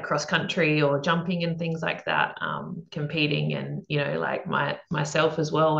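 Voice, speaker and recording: Low-voiced podcast host woman, echoey room. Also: gravelly. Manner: bubbly, laughs often, rambling with fillers. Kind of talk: casual interview chat. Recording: echoey room, dull lo-fi sound.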